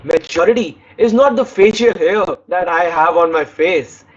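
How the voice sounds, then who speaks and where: A man's voice: high-pitched, moderate pace, dull audio. A man giving an online speaking lesson, demonstrating tones by reading lines aloud and stopping to correct himself. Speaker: English speaking teacher.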